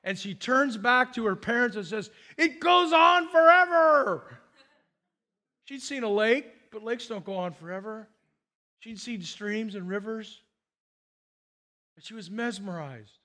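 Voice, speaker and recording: Brief: male pastor, middle-aged, high-pitched, lively storyteller in a sermon. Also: measured pace. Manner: animated storyteller, acts out quotes with big swings.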